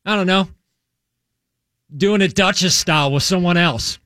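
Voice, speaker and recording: A man's voice: sits high, a little slow, sharp tone, no echo, studio quality. An American man with a joking, mock-indignant manner, chatting casually as a co-host. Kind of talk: casual banter.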